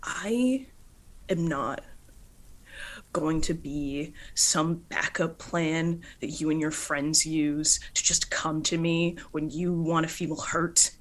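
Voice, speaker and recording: A swearing, furious young woman with claws, as a game master puts her on. She speaks loud and hard, a little higher than the narration, and stays fierce and unbending. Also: takes it slowly, lightly acted. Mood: bitter, firm. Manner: swearing, shouting, intense.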